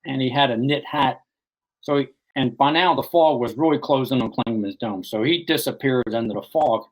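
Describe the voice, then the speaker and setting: A man's voice: medium pitch, moderate pace, rough recording. Guy telling his own story in an interview, lots of you know and restarts, rambly. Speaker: author guest. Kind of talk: recounting a personal story in an interview.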